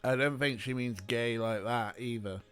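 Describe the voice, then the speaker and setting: A man's voice: mid-range voice, normal speed, a bit bright, clean tone, no room sound. Sarcastic streamer guy joking over a mystery game, faint music behind. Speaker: let's play streamer. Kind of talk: casual gameplay commentary.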